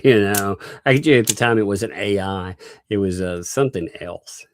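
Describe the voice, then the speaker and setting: A man's voice: lowish voice, normal speed, a little hiss or hum. A man with a Southern US accent hosting a casual livestream, laughing often and reading viewer messages aloud. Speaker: livestream host.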